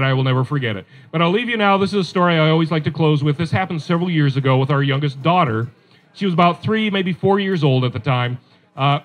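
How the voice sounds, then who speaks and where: A middle-aged man telling family stories in a stand-up comedy set at a local brewery, animated and self-deprecating. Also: a little high, poor audio. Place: live show at a local brewery.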